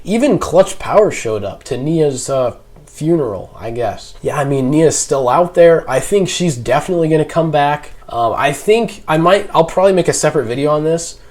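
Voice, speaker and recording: A man's voice: on the high side, expressive, normal speed, darkish tone. A young man talking through a casual spoken review, rambling with lots of fillers and restarts. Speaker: YouTube reviewer.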